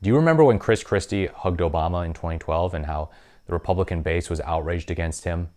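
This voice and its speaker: Deep-voiced and darkish in tone, a man hosts a political commentary vlog channel, sharing opinions conversationally and saying um frequently.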